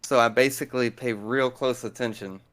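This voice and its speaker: A man's voice: mid-range voice, fairly even intonation, moderate pace, a bit bright. A man in casual conversation, carefully and patiently explaining how he manages his speech. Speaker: guest. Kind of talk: casual chat.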